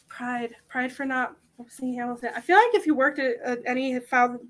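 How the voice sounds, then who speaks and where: A woman's voice: sits high, a bit bright. A young woman hosting a convention panel, chatting casually to the audience in a rambling, self-mocking way.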